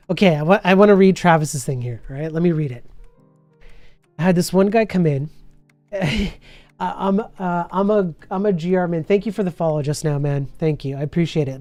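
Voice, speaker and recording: A man's voice: fairly high pitch, warm tone, no room sound. A man, chatting casually on a live stream and reading viewer messages, laughing often, his voice a bit worn from hours of talking. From Canada.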